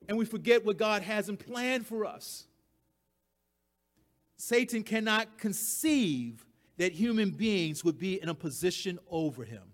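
A man delivering a sermon in a fairly high voice. He talks with emphasis, repeats his key phrases, and chuckles at his own points. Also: fairly bright tone. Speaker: preacher.

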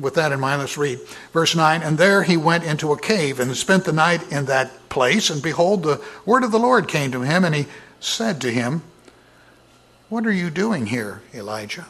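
Husky-voiced man preaching with many pauses. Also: medium pitch, a bit bright. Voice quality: husky, clears throat often. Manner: halting, many filler words. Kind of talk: sermon.

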